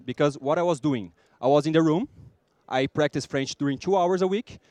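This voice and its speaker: A man with a Brazilian accent giving a lively conference talk, acting out small scenes and joking with the audience. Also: fairly high pitch, fairly quick, no echo. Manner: lively, acts out little scenes and jokes with the audience. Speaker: conference speaker.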